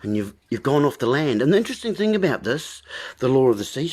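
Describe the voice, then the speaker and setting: A man's voice: medium pitch, big pitch swings, fast, darkish tone, slightly rough. A man hosting a livestream, giving a rambling, preachy wordplay monologue with asides to his viewers. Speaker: livestream host.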